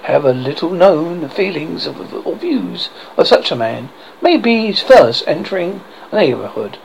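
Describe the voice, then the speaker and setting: Brief: expressive classic-novel reader; gravelly, animated delivery. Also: medium pitch, moderate pace, a little hiss or hum, low-quality recording. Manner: expressive reading with occasional slips and restarts. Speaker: audiobook reader. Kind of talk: classic novel read aloud.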